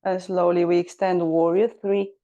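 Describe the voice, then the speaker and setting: A woman guiding a gentle yoga class, giving calm, unhurried cues and breath counts. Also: on the low side, muffled recording. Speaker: yoga teacher.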